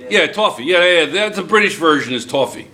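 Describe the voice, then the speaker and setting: A man's voice: a little high, animated, brisk, crowd noise. An American man with a New Jersey accent, a chemistry teacher lecturing and quizzing his class in a classroom. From United States. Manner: chatty, asks the class questions.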